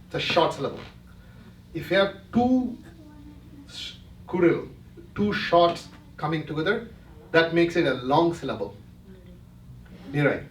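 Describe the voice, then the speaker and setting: A man's voice: a little high, expressive, measured pace, pauses often, slight background noise. A man giving a talk to a retreat audience, explaining step by step and often checking that listeners follow along. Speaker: presenter. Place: retreat hall. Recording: roomy hall, mic from a distance.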